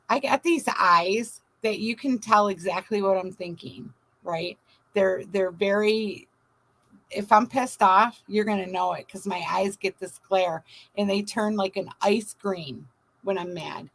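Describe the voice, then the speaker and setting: A woman's voice: mid-range voice, poor audio. A woman hosting a casual livestream, chatting, telling stories and greeting viewers by name. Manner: chatty storyteller, shouts out viewers. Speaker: livestream host.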